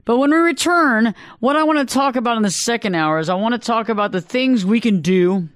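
In a solo talk radio monologue, a host with a medium-pitched voice speaks briskly and earnestly into a studio microphone, with no room sound. He tells stories and repeats phrases for emphasis.

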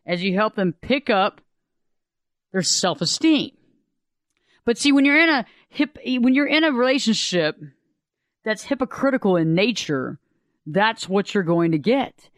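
A man talking casually about relationships as an advice speaker, animated and acting out the quoted voices of others. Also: extremely high pitch, smooth, dry recording, clean studio sound.

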